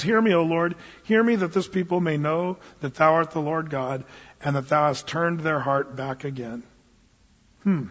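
A man gives a sermon in an easygoing, storytelling manner, his voice a bit high and husky. The recording sounds dull and muffled, and it carries the long reverb of a church hall. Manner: casual, animated storytelling preacher. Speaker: pastor.

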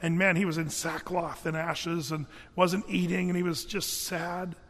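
A man's voice: fairly high pitch, flat delivery, unhurried, fairly bright tone, big-room sound. A man giving a conversational, earnest sermon as a pastor, with frequent fillers and restarts.

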